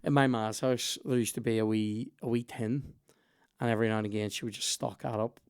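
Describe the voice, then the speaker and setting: A man's voice: lowish voice, steady tone, fairly quick, clean tone. A young man with a Belfast accent, hosting a podcast and telling rambling, sweary stories in casual chat. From Northern Ireland. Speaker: podcast host.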